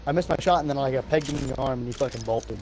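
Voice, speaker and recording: Male game streamer, mid-pitched voice, casual and talkative, swears often. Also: racing, background noise. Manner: chatty, swears freely at the game. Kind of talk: casual chat while gaming.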